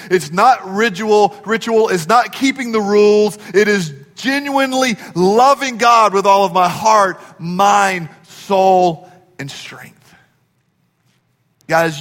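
A man preaching a sermon as pastor, impassioned and building to near shouts on key phrases. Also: high-pitched, big-room sound.

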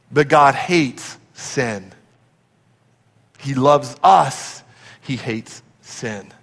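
A man preaching a sermon as a pastor. He swings from shouts down to whispers and urges the congregation to answer him aloud. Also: a little high, animated, takes it slowly, in a large hall. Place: church sanctuary.

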